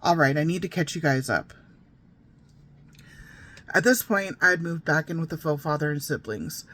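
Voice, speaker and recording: A woman's voice: low voice, moderate pace, bright, forceful tone. A woman reading her memoir aloud in a casual, unpolished way. She keeps breaking off into wry, digressive asides to her listeners before picking the thread back up. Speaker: memoir narrator.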